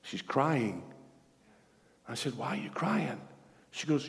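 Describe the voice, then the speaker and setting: A male pastor preaching in a church, telling a healing story with lively, acted-out dialogue and frequent laughter. His mid-pitched voice rings out with a long reverb trailing behind it. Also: takes it slowly, creaky, long pauses. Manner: animated, acts out dialogue, laughs often. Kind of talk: sermon storytelling.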